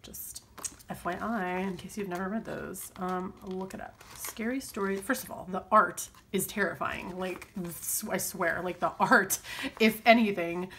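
A woman's voice: lowish voice, steady tone, a little slow, fairly bright tone, a little hiss or hum. A woman chatting casually and rambling while she works on her planner, full of fillers and self-deprecating asides. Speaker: planner vlogger.

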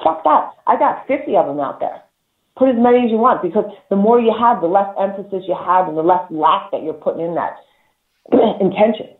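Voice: medium pitch, fairly quick. A talk show host giving casual spiritual advice, emphatic and profane, repeating words and laughing between points. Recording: echoey, tinny phone-like line.

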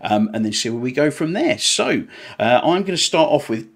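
A man's voice: mid-range voice, very animated, moderate pace, breathy edge. A man hosting a casual gaming podcast, jokey and upbeat. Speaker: podcast host. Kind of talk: casual chat.

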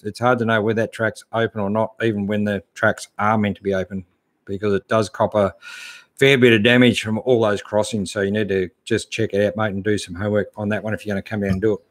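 A man's voice: fairly low pitch, fairly even intonation, brisk, a bit bright. Laid-back Australian man answering chat. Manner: laid-back, chatty, calls everyone mate. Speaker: host answering live chat. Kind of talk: casual live-stream chat.

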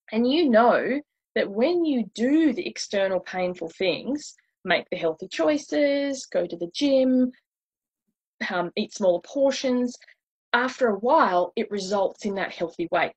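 Woman, weight loss coach giving a slide talk; breathy, chatty, relatable. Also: mid-range voice, animated, a little slow, lo-fi sound. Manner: chatty and relatable, acts out inner voices.

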